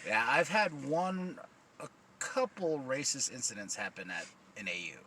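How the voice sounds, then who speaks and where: A man's voice: medium pitch, big pitch swings, normal speed, pushed and bright, a little hiss or hum. Laughing, swearing man hosting a podcast. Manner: profane, laughs often while telling stories. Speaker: podcast host. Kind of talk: casual podcast chat.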